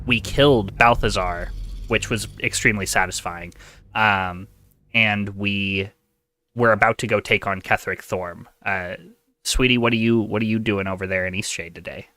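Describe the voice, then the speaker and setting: Wry man streaming games, bright voice. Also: on the low side, fairly even intonation, normal speed. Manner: wry, self-deprecating. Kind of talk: casual stream chat.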